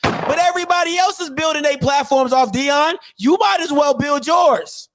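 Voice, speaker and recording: This podcast host's very high-pitched voice moves at a normal speed over a noisy background. He delivers an opinionated, emphatic rant in slangy, casual language, full of restarts and one rhetorical question after another.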